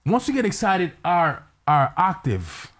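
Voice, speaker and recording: A man's voice: sits high, wildly swooping pitch, unhurried, fairly bright tone. A man with a Haitian accent, co-hosting a casual talk show and acting out his own reactions as he tells a story. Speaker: co-host. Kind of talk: casual chat. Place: New York.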